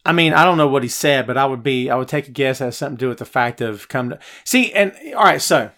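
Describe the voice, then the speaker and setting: A middle-aged man hosting a live stream from his home office, chatty and animated as he answers viewer comments. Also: mid-range voice, fast talker. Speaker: podcast host. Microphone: headphones, phone nearby.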